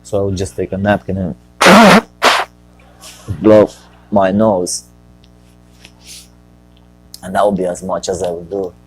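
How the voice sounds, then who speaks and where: Rambling low-voiced man hosting a show. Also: lively intonation, slow pace, pauses often, a bit bright, slightly rough, rough recording. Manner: rambling and joking, talks to himself. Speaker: show host. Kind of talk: casual solo stock-market talk.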